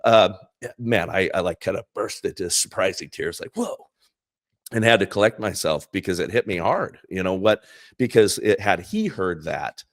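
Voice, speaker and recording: A man's voice: low-pitched, expressive, moderate pace, no echo, studio quality. A man co-hosting a casual political chat, rambling with many fillers and restarts. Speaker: co-host.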